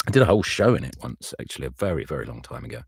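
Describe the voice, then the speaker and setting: Deep, gravelly audiobook narrator talking to himself. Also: male voice, big pitch swings, rapid-fire, no echo, clean studio sound. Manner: muttering thoughts aloud while working. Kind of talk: casual behind-the-scenes commentary.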